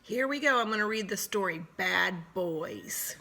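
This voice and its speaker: A woman teacher reading a children's picture book aloud, unhurried and expressive. Her bright voice rises and falls widely with the story. Animated, storytime delivery. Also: mid-range voice, vocal fry.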